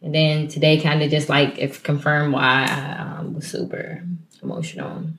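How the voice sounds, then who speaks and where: A woman's voice: low-pitched, little pitch movement, normal speed, a bit bright. A young woman co-hosting a podcast, telling stories candidly and animatedly, with slang and swearing. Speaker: podcast co-host. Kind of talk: casual chat. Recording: roomy echo.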